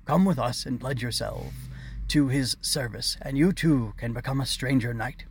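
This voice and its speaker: A man voicing a proud toad knight henchman who makes croaking proclamations, for an audiobook. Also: medium pitch, moderate pace, a little hiss or hum, lightly acted. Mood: proclaiming. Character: toad knight henchman, male, with a robotic ring. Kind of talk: audiobook character reading.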